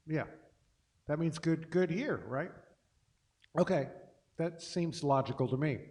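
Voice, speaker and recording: Between songs on his casual livestream, a middle-aged host and singer-pianist rambles and pokes fun at himself. His voice is a little high, and he talks at a moderate pace.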